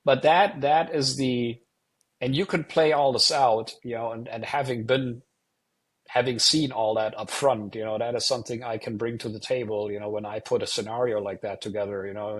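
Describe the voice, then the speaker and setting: On an interview show, a guest tells stories casually and loosely, leaning on "you know" again and again. He's a middle-aged man from Germany, a retired air force officer who plays wargames, with a mid-range, slightly rough voice.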